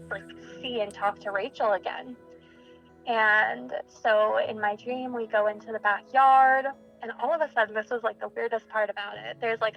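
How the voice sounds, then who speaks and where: Young woman, halting and soft, lots of likes and ums, kinda gravelly. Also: on the high side, dull audio. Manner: halting, soft-spoken, with fillers like "like" and "um". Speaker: friend of a murder victim. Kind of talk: personal interview recollection.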